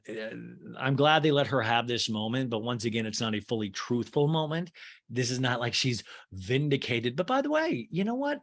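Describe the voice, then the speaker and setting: A man hosting a comedic podcast, recapping reality TV in a profane, exasperated way. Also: mid-range voice. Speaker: podcast host.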